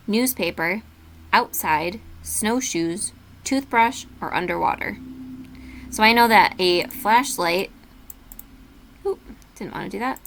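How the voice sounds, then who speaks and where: A patient woman teacher talks students through a worksheet in a steady, mid-pitched voice. She slows down to spell words out letter by letter and keeps her instructions simple. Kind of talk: remote classroom lesson.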